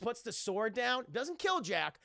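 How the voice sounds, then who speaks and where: A man giving excitable, profane livestream commentary on a cartoon while talking to his chat. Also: very high-pitched, a little slow, vocal fry, no echo, clean studio sound. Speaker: streamer reviewing a cartoon.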